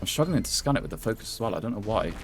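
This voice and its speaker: A man giving excitable, swear-laden live gameplay commentary, talking to himself and to the game character as he fights. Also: lowish voice, rapid-fire. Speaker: gameplay streamer.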